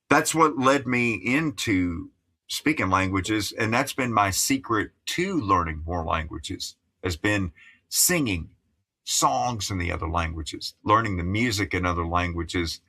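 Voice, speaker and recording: A man's voice: low voice, bright, forceful tone. A man in his fifties from Appalachia, a musician guest talking in careful broadcast English, chatty and digressive with many restarts. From Appalachia, USA. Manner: digressive, chatty, lots of you-knows and restarts. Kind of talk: casual interview chat.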